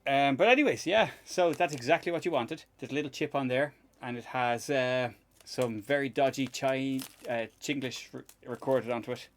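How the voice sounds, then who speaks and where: A man's voice: medium pitch, moderate pace. A man hosting a live stream in casual chat while he tinkers, rambling, laughing often and swearing casually.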